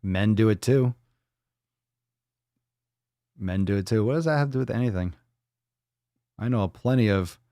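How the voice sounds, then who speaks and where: In a dark, lowish voice, a livestream host rambles bluntly and swears freely while reading and answering viewer comments. The audio is studio quality with no room sound.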